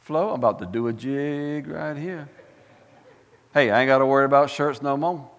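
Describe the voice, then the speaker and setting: A man preaching a sermon as pastor, fired up and animated, full of folksy asides and repeated words. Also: mid-range voice, moderate pace, in a large hall, highs cut off. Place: church sanctuary.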